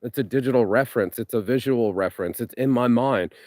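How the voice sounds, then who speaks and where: In this profane, rambling motivational rant, a male vlogger pushes ahead despite tripping over his words and restarting. He talks a little fast in a slightly mellow, ordinary mid-pitched voice, recorded dry and close without any room sound.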